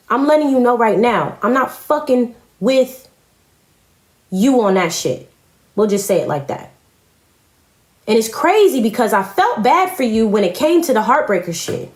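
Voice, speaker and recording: A woman delivers a confrontational live-stream rant, full of profanity and pointed repetition. Her voice sits a little high. The sound bounces around an echoey room.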